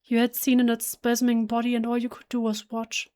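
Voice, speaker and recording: A German-native woman reads horror game narration aloud, hushed and emotional, often stumbling and restarting mid-word. Her voice sits fairly high but moves little in pitch. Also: monotone, brisk. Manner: emotional, hushed, with self-corrections. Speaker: let's play gamer. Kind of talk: reading game text aloud.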